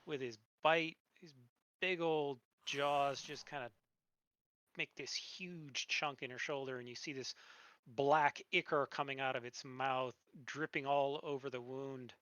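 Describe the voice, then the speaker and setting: A man running a tabletop game as game master, narrating monster attacks in a relaxed way with filler words. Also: mid-range voice, unhurried, no echo.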